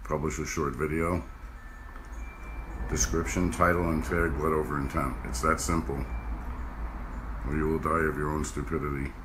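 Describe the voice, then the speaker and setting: A man's voice: a bass voice, level tone, moderate pace, long pauses, noisy background. A man giving stern step-by-step instructions and a blunt warning. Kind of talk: instructional monologue.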